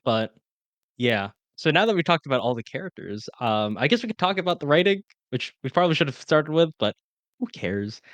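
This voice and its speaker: A young man co-hosting a podcast, chatting casually about an old film, talking fast with lots of fillers. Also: fairly high pitch, big pitch swings, a bit bright, no room sound. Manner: fast, rambling with many fillers. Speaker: podcast co-host. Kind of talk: casual film-review chat.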